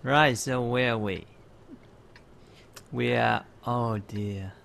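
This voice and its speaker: A man from Australia co-hosting a casual gameplay video, talking in a playful, halting way. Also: mid-range voice, steady tone, gravelly, a bit bright. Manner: playful, halting, stops to laugh. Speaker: co-host gamer.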